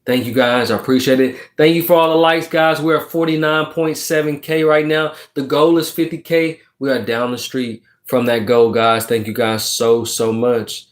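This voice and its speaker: A man's voice: mid-range voice, fairly even intonation, moderate pace, hardly any pauses. A man reading tarot cards on a casual livestream, talking emphatically and preachily, checking in with his listeners and swearing now and then. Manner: swears casually while encouraging. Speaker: tarot card reader on a livestream. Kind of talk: casual livestream chat, reading viewer comments.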